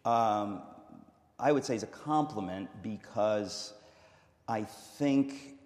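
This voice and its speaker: A man's voice: medium pitch, darkish tone. A man hosting a live on-stage interview, wry and joking at his own expense. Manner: wry, joking, self-deprecating. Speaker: host. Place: large hall with a live audience. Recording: reverberant hall, audience faintly heard.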